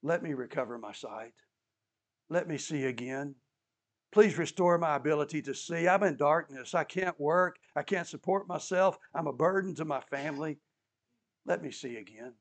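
A male preacher voicing a blind adult beggar who quietly and earnestly pleads for help. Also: a little high, moderate pace, lightly acted. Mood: pleading.

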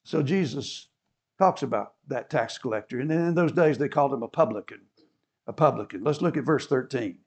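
A man's voice: mid-range voice, normal speed, breathy edge. A man preaching a sermon, explaining scripture and acting out the people in it with rising fervor. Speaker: pastor.

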